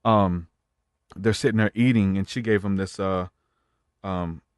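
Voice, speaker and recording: A man's voice: low-pitched, steady tone, unhurried, smooth, dry recording, studio quality. A man as a podcast guest, retelling a story in a rambling casual way with many fillers.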